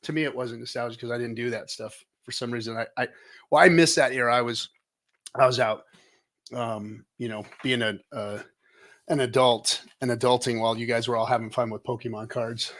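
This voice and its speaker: A man's voice: medium pitch, steady tone, a little fast, a bit bright. A middle-aged American man hosting a casual live-stream chat, rambling with lots of fillers and restarts, joking and hyping up his guest. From United States. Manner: jokey and hyped. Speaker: show host.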